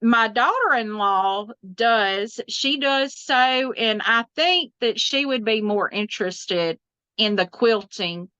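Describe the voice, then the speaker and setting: A woman's voice: fairly high pitch, slow, bright, forceful tone, clear, resonant tone, no echo, rough recording. A middle-aged woman, chatting as a guest on an interview podcast. She laughs often and trails off into restarts. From Southern United States. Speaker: guest quilter. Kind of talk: casual interview chat.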